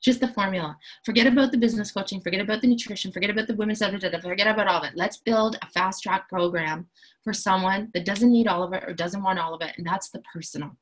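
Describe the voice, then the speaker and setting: Husky-voiced, upbeat woman coach. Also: medium pitch, fast, rough recording. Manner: enthusiastic, self-assured, chatty with frequent "like". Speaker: empowerment coach and school founder. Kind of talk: promotional explainer talk.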